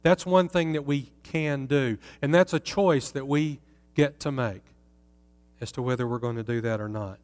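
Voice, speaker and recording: A man's voice: medium pitch, moderate pace, darkish tone. A man teaching from the Bible in a conversational way, putting rhetorical questions to his listeners. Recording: long reverb in a hall.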